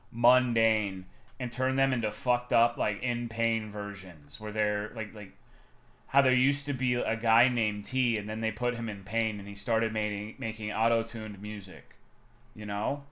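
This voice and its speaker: A male streamer in loose live commentary, his voice sitting at an ordinary middle pitch. He rambles and swears freely, jumping from excited loud bursts to low muttered asides. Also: moderate pace.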